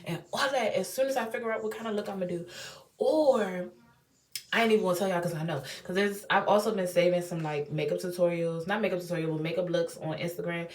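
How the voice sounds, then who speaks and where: A young woman from Washington, D.C., with a D.C. accent, chatting in a casual unboxing vlog in her home bathroom. She talks in lively slang, with big swings in pitch and loudness. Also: fast talker. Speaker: beauty vlogger.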